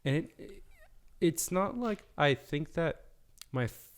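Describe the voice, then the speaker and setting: A man's voice: on the high side, lively intonation, slow pace. A man chatting as a podcast guest, rambling with many restarts and fillers. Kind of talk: casual chat.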